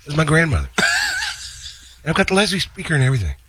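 A man's voice: on the high side, huge pitch swings, fairly quick, noisy background. A man voicing an eager male friend rambling on as he asks for a favor.

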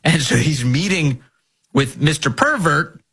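A man's voice: fairly high pitch, animated, unhurried, a bit bright, breathy edge. A man hosting political commentary, reading emails and news with a sarcastic, mocking manner.

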